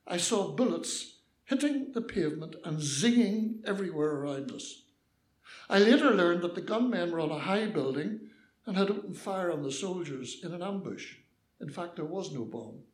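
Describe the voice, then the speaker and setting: A man's voice: sits high, reverberant. An older Northern Irish man telling a personal story with mischievous liveliness, acting out the voices.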